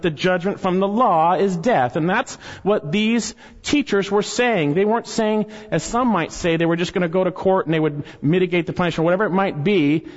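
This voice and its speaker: A man's voice: high-pitched, big-room sound, dull audio. A man preaching an expository sermon, building emphasis as he quotes scripture. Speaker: pastor.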